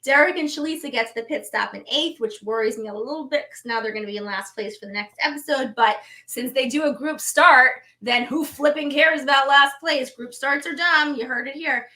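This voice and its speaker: A woman, co-hosting a show and recapping it in an animated, chatty way. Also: high voice, a little fast, hardly any pauses. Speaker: co-host, reality show recap. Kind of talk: casual chat.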